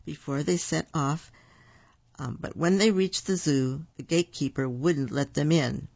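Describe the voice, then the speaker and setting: A storyteller reading picture books aloud to children, slow and gentle, with asides to the listeners. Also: medium pitch, creaky, no room sound. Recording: dull lo-fi recording.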